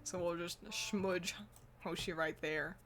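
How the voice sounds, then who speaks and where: A woman's voice: lowish voice, steady tone, takes it slowly, fairly bright tone, slight background noise. A woman co-hosting a casual chat, giggling often and rambling with fillers and restarts, swearing now and then. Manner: giggly, laughs often between phrases. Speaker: co-host ranking anime mascots. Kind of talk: casual chat while editing a tier list.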